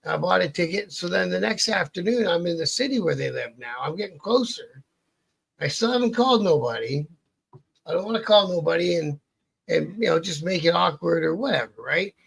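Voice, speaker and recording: A man's voice: high-pitched, expressive, brisk, vocal fry, a bit bright, slightly rough. A man from Canada, a biker guest telling a rambling, profane story with many restarts. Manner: rambling, profane, self-interrupting. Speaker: interview guest, outlaw biker. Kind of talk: casual storytelling.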